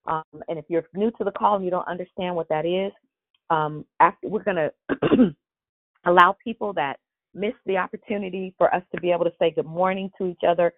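A woman's voice: on the low side, brisk, dry recording. A woman hosting a church prayer call over the phone, speaking in an encouraging, preacherly way. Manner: warm, encouraging, sermon-like cadence. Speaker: host of a prayer call line. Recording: tinny phone line.

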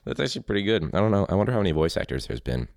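Low-voiced man rambling on a podcast. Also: sing-song, racing, creaky, a little mellow, slight background noise. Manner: rambling, laughing, self-interrupting. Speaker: teacher and podcast host. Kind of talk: casual solo podcast chat.

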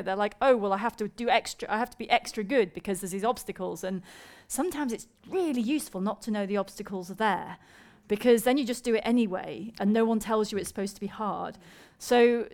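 Fast-talking thoughtful woman host. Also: medium pitch. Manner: thoughtful, talks in long reasoning runs. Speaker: co-host, scientist. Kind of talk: casual podcast chat.

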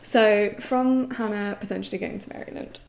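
A young woman co-hosting a casual show recap, blunt and animated, laughing and swearing as she retells scenes. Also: mid-range voice, moderate pace, gravelly. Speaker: podcast co-host.

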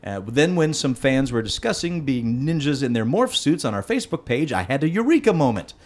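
A man's voice: mid-range voice, sing-song, fairly quick, darkish tone. A man reading a news story aloud to his co-hosts in casual banter.

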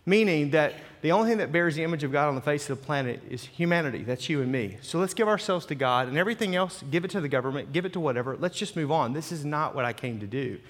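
A man's voice: a little high, lively intonation, fast, hardly any pauses. A man who is a senior pastor, preaching a sermon in a loose, conversational way full of restarts and asides. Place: church sanctuary with live congregation. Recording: long hall reverb.

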